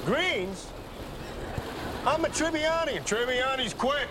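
A man's voice: very high voice, lively intonation, noisy background, exaggerated voice. An actor playing a dim, goofy young man learning to sail, joking and whining when scolded. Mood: sulky. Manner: slow-witted, joking, whiny when scolded. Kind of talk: sitcom acting.

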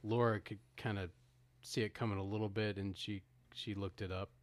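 Deep-voiced man retelling a film. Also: level tone, moderate pace. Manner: retells scenes with acted-out quotes, frequent restarts. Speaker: podcast co-host. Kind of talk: casual film discussion.

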